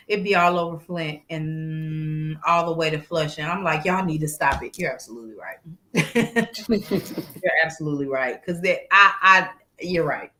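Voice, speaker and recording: Bright-voiced woman telling a story. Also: deep voice. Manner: animated, laughing, swears freely. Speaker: co-host. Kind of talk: casual chat with storytelling.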